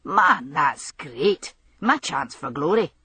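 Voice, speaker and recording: Sardonic male detective, read by a woman narrator; low and husky, audiobook. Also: sing-song, slow pace, pushed and bright, dry recording, full character voice. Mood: wry. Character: wry male detective colleague, fond of whisky.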